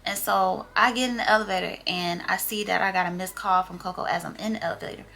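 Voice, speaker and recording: A woman's voice: fairly low pitch, fast, vocal fry. A young woman vlogger telling a story in casual, slangy chat and acting out what people said. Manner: animated, slangy storytelling that acts out quotes.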